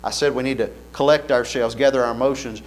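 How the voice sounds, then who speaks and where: A man's voice: medium pitch, steady tone, fast talker. A man preaching an earnest sermon in a church, building fervor with repeated phrases.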